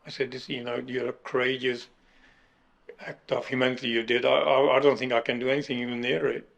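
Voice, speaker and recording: A middle-aged man recounting his kidney transplant in an emotional interview, halting and restarting as he speaks. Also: mid-range voice, level tone, gravelly, a bit bright. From United Kingdom. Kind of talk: emotional personal account.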